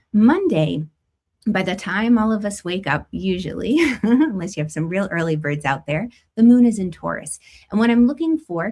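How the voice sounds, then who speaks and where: A middle-aged woman hosting a spiritual astrology talk, chatting casually with viewers and laughing often. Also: medium pitch. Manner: warm conversational, laughs often, lively emphasis. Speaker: astrology and tarot host.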